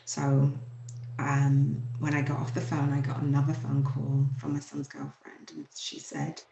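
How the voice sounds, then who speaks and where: A woman in her forties, hosting her own show, telling a painful personal story in a halting, emotional way with many fillers. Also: rumbling low, little pitch movement, vocal fry, mellow, dull audio, a little hiss or hum. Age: 40s. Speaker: host. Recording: echoey room.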